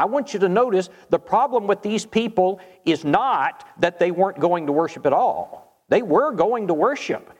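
A man's voice: sits high, in a large hall. A man preaching a sermon in an earnest, emphatic way, reading scripture aloud and addressing the congregation.

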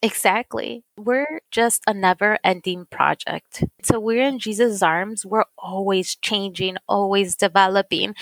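A woman's voice: mid-range voice, measured pace, creaky, a bit bright, no echo. A woman giving an emotional faith testimony in an interview, tearful and earnest, repeating phrases for emphasis. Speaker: guest sharing testimony.

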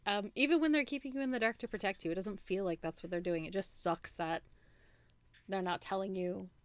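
A woman's voice: mid-range voice, a little fast, dry recording. A woman in her thirties co-hosting a book podcast, chatting casually and upbeat with lots of "like". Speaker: podcast co-host. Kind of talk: casual book club chat.

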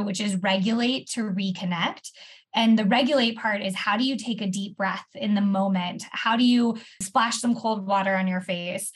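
A woman speaks as a therapist guest on a podcast interview. Her voice is airy and a little breathy, and she sits at a middling pitch. She explains things step by step, filling them out with examples. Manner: warm explanatory, walks through steps with examples.

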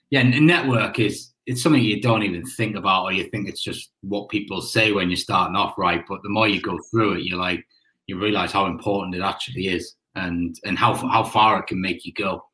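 A man's voice: low-pitched, fairly even intonation, fairly quick, pushed and bright, rough recording. A man as a guest in a casual chat, rambling and repeating words.

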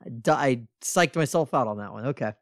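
A man chatting through a trivia game with a friend, easygoing and self-mocking, a couple of beers in. His voice sits at an average pitch and comes across dry and close, with little room sound. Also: animated, a little fast, no room sound. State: drinking beer. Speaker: podcast co-host playing trivia. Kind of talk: casual chat.

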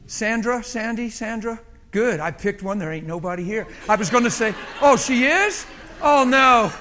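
A pastor preaching with folksy humor and plain, colloquial talk. His voice is unusually high for a man and bright, with a forceful, sharp edge. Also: lively intonation, normal speed, slight background noise. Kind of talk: sermon.

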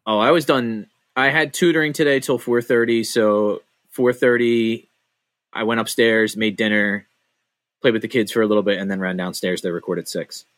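A man's voice: fairly low pitch, steady tone, normal speed, a bit bright, dry recording. A man co-hosting a podcast from his home, rambling in casual chat with frequent restarts and casual swearing. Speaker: podcast co-host.

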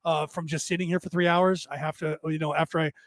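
Older man with a gray-haired rasp, talking on and on. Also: on the high side, flat delivery, fast, no echo. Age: older, with graying hair. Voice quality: says his voice is damaged but penetrating. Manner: rambling, with frequent restarts; tired from talking for hours. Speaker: podcast host. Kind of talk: casual monologue.

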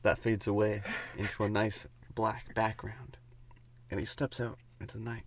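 A man improvising a comedic horror story as he goes, giggling often and dropping into a hushed whisper for the spooky parts. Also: fairly low pitch, little pitch movement, moderate pace, slight background noise. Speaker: podcast co-host narrating an improvised story.

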